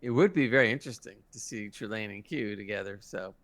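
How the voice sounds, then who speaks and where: A man's voice: on the low side, fast, fairly bright tone, no echo. A man hosting a casual podcast review, explaining lore with a keen fan's enthusiasm. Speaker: podcast host.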